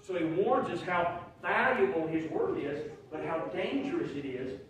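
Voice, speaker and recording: A male pastor, preaching a folksy sermon that swells into shouted emphasis. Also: on the high side, lively intonation, moderate pace, slight background noise. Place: church sanctuary. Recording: very echoey room, from far off.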